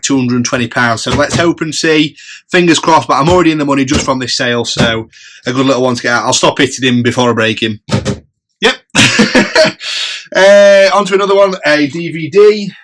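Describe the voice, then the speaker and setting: Bright, chatty man. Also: mid-range voice, a little fast. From England. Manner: chatty, upbeat, running tallies of prices and profit. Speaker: reseller vlogger. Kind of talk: casual chat.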